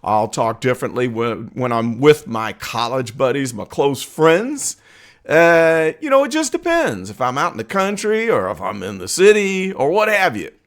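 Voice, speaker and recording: A man's voice: medium pitch, very animated, moderate pace, fairly bright tone. A man hosting a political commentary channel, talking casually and chattily to viewers, asking for their opinions and laughing easily.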